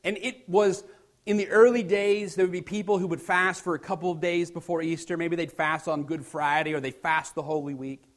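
A man's voice: a little high, level tone, brisk. A man preaching a sermon as pastor, reading scripture aloud with rising emphasis and explaining it in a conversational tone.

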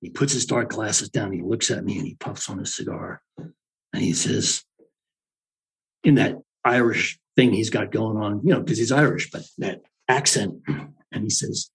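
A man telling a comic anecdote in a wry, teasing, lively way. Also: lowish voice, a little slow, husky, poor audio. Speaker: storyteller.

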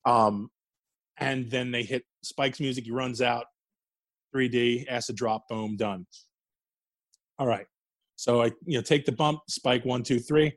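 A man's voice: medium pitch, fairly even intonation, unhurried, pauses often, no echo. A man telling wrestling stories in a casual interview, swearing freely and laughing as he goes. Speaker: guest, former wrestler.

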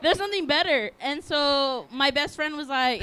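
A woman's voice: sits high, expressive, normal speed, bright, forceful tone, a little hiss or hum. A woman in her twenties from Texas with a Texan accent, a guest telling a loose, profane, rambling story on stage at a live show. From Texas, USA. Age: 20s. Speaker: audience guest.

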